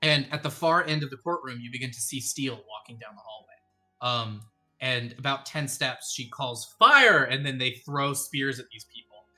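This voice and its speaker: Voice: medium pitch, moderate pace, pushed and bright, faint music behind. A game master narrating a tabletop game in a rambling way, with many ums and uhs.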